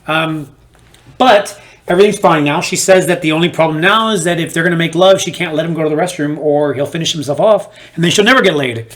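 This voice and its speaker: A man's voice: on the high side, fast. A man doing a stand-up set for a home-made video with no audience, telling stories and acting out the people in them. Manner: animated storyteller who acts out the people in his stories. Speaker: stand-up comedian.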